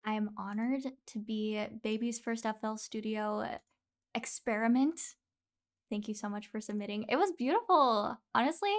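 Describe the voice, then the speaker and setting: A woman's voice: fairly high pitch, normal speed. A woman streamer commenting casually on listeners' music, effusive and gushing, laughing often into a desk mic.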